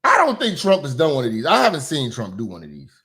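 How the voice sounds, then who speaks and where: A man doing profane reaction commentary in an animated, ranting manner. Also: mid-range voice, fast talker. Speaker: commentary streamer.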